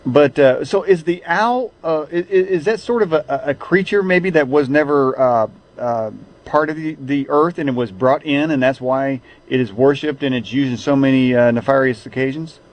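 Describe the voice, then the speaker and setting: A man hosting an interview, asking halting questions, saying mm-hmm a lot and slipping in wisecracks. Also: mid-range voice. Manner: hesitant questions, frequent mm-hmms, wisecracks. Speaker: interview host. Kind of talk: radio interview.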